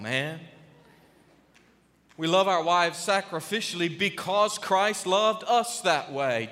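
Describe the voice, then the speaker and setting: A male pastor preaching with emphasis and dramatic pauses, his high, bright, forceful voice rising and dropping in volume. The long reverb of a large sanctuary follows each phrase. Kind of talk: sermon.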